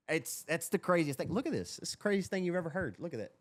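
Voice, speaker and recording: A young man co-hosting a racing podcast, telling stories in an excitable, swearing, casual chat. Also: a little high, fast talker, no echo, clean studio sound. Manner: excitable storyteller, drawls and swears. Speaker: podcast co-host.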